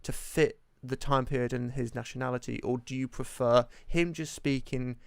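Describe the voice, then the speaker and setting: A man in casual podcast chat, hesitant and halting, with many ums as he searches for examples. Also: medium pitch, fairly even intonation, creaky, clear, resonant tone, no room sound.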